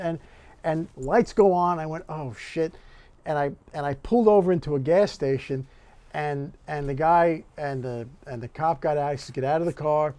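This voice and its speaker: A man hosting a podcast, who tells stories with energy and acts out the other people's lines. His voice sits a little high for a man. The sound is dry and close, with no room around it. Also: no room sound. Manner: animated storyteller who acts out the dialogue. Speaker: podcast host. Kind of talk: casual chat.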